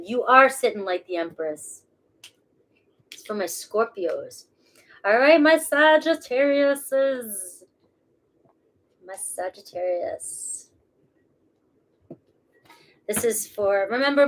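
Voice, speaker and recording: A woman with a Boston accent, reading tarot cards live in a casual, chatty way and swearing freely. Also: on the high side. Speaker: tarot reader.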